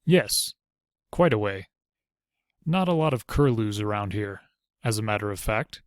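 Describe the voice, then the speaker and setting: A man's voice: on the low side, lively intonation, measured pace, no room sound. A man voicing a wry male ranger commander with a dry, teasing humor.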